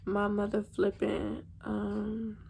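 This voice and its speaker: A woman's voice: medium pitch, completely flat delivery, slow, creaky, darkish tone, slight background noise. A young woman, telling a storytime vlog to her viewers in a slangy, chatty way. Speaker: vlogger.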